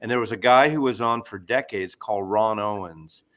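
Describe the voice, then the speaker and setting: An older man guest telling brisk, blunt stories, swearing freely. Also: lowish voice, a bit bright. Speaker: guest, former radio regular. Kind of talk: casual storytelling.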